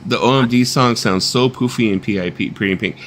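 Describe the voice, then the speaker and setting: A man's voice: medium pitch, fast talker, fairly bright tone, slight background noise. A middle-aged man hosting a casual live-stream chat, swearing freely, laughing often and slipping into voices when he tells stories. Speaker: host.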